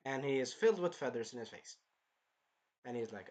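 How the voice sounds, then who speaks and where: A man's voice: mid-range voice, very animated, brisk. A man giving a casual, rambling, jokey recap of an anime episode as a reviewer.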